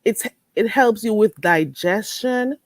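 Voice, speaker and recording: Female vlogger, animated and chatty, very expressive pitch, dry sound. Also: slow pace, no room sound. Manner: animated, chatty, laughs often. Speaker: vlogger answering live chat. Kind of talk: casual chat to viewers.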